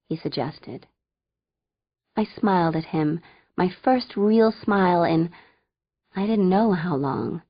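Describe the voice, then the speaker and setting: A woman reading a first-person audiobook with a wry voice and animated dialogue. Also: on the low side, slow pace, long pauses, breathy edge, dry recording, lo-fi sound. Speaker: audiobook narrator.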